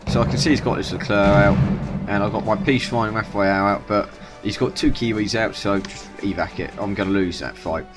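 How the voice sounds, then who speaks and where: A man's voice: lowish voice, steady tone, fairly quick, over music. A man casually commentating his own strategy game match, rambling and correcting himself as he goes. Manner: rambling, self-correcting, chatty. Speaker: gaming YouTuber. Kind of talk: gameplay commentary.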